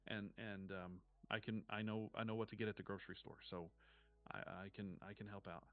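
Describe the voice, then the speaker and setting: Man voicing a soft, halting eleven-year-old boy, somber, muffled audio. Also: lowish voice, flat delivery, close to an everyday voice. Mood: tearful. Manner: stammering, hesitant.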